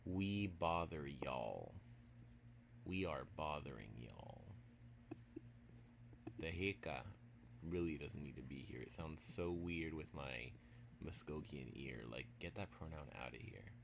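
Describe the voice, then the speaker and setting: A man with a deep, low voice teaches a casual language lesson at an unhurried pace. He is playful and teasing with his listeners, breaking words into slow, careful pieces, and now and then slipping into quiet asides. A faint hum sits under his voice. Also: lively intonation, gravelly. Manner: playful and teasing, slowly spelling out words syllable by syllable.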